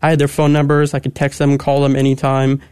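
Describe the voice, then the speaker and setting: A man's voice: medium pitch, monotone, fairly quick, darkish tone, smooth, no echo, clean studio sound. A young man, a guest on a radio interview, talking eagerly and articulately. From Texas. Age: 20s.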